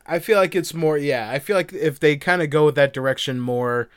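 A man's voice: on the high side, brisk, clear, resonant tone, no echo, studio quality. Rambling, laughing male podcast co-host. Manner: rambling, laughs often, swears casually. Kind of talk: casual chat.

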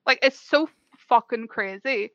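A woman's voice: on the high side, measured pace, a bit bright, dry recording. Blunt, sweary Irish woman. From Ireland. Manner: blunt, swears freely, exasperated teasing. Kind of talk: casual debate chat. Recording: dull lo-fi audio.

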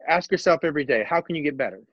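A man co-hosting a loose sports talk show, ranting with a profane, animated edge. His voice sits a bit high. It is recorded close and dry, with a dull, lo-fi tone. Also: racing, no echo. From Texas. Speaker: podcast co-host. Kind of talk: casual sports chat.

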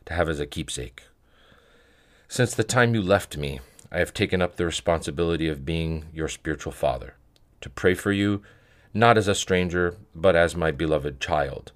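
A man reading spiritual letters aloud in a measured, reverent way. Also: low voice. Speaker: podcast reader of monastic letters.

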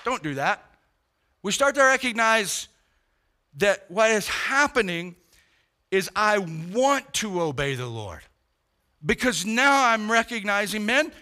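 A man's voice: high-pitched, sharp tone. A male pastor preaching a sermon in an emphatic, direct way, talking to his congregation.

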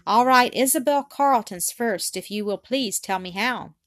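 Lady doing a sweet obedient little girl, earnest and eager, pitched up. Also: moderate pace, dry recording, studio quality, close to an everyday voice. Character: meek, devoted little Victorian girl.

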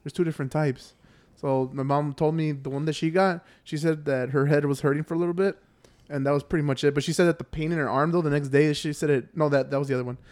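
A man's voice: on the high side, fairly even intonation, quick pace, darkish tone. A man in casual chat with friends, rambling in a laid-back way and laughing often. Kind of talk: casual banter.

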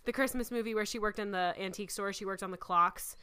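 A woman in casual chat about movies, telling stories in an animated way and acting out her own reactions. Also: mid-range voice, quick pace, clean tone, no room sound.

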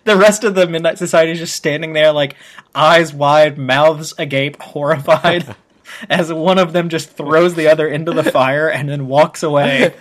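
A man co-hosting a podcast, recapping a TV episode in animated casual chat and laughing often. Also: a little high, normal speed. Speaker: podcast co-host.

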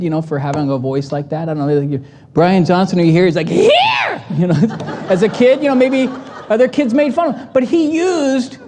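A pastor giving a conversational, playful sermon. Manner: conversational and playful, animated pitch swings.

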